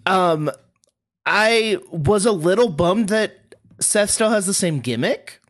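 A man's voice: sits high, expressive, slow. A man co-hosting a wrestling podcast, chatting casually and hesitantly with many restarts. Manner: hesitant, full of ums and restarts. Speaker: podcast co-host. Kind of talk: casual chat.

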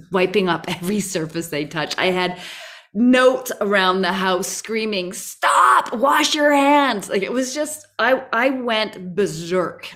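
Animated woman telling her story, lowish voice. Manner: animated, with many restarts and excited rises. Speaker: co-host. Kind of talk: personal storytelling in a live talk.

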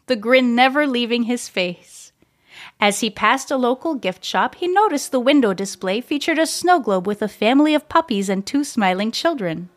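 Female storyteller, gentle and measured storybook reading, fairly high voice. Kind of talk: storybook narration read aloud.

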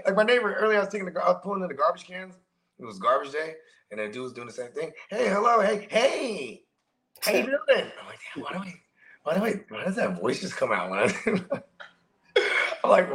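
A man's voice: medium pitch, a bit bright. Profane slangy man telling stories. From San Francisco Bay Area. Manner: loose, profane, slangy storytelling. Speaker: podcast co-host. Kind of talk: casual chat.

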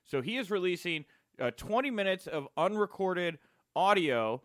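A young man hosting a podcast in a playful, jokey way, in casual chat. His voice sits fairly high, and it is recorded close and dry. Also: lively intonation, moderate pace, a bit bright, no echo. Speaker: podcast host.

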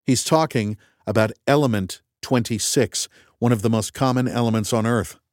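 A man's voice: mid-range voice, moderate pace, no echo. A man reading a first-person audiobook in a dry, wry and methodical way. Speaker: audiobook narrator. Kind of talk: first-person scripted narration.

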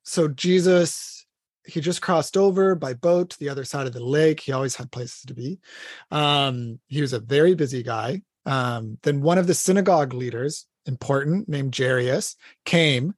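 A man's voice: mid-range voice, normal speed, no echo. An earnest man talks through faith and everyday life in a casual, conversational way, dropping plenty of fillers. His voice is recorded close and dry, with no room sound. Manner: earnest, retells scripture conversationally with many fillers. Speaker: podcast co-host.

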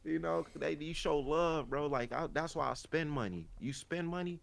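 A man's voice: on the high side, normal speed, creaky, a little hiss or hum. A man with a Chicago accent co-hosting a podcast, telling stories in a loose, profane, slang-heavy way. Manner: animated, profane storytelling with slang. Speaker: podcast co-host. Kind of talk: casual chat.

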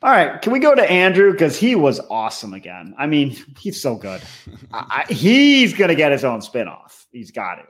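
A man's voice: on the high side, wildly swooping pitch, moderate pace, fairly bright tone. A man co-hosting a casual reality-TV recap podcast, moving the talk along and groaning at crude jokes. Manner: steers the show, mock-disapproving. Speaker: podcast co-host. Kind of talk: casual comedic chat.

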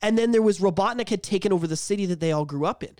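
A man co-hosting a casual podcast, telling stories in an excited, rambling way and swearing freely. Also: sits high, rapid-fire, no room sound, clean studio sound. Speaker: podcast co-host. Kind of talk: casual chat.

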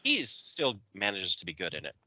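A man's voice: low voice, wildly swooping pitch, normal speed, sharp tone, no room sound, lo-fi sound. A man co-hosting a podcast in casual chat, opinionated and ranting. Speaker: podcast co-host.

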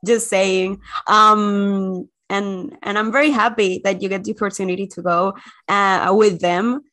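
A woman co-hosts a casual chat, speaking in a warm, reassuring way. She giggles often as she talks. Her voice sits at a middle pitch. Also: steady tone, measured pace. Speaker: podcast co-host.

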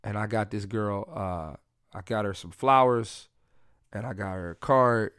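A man's voice: lowish voice, unhurried, fairly bright tone, smooth, no room sound, clean studio sound. A man hosting a podcast, telling candid, crude and joking personal stories in a casual solo chat. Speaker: podcast host.

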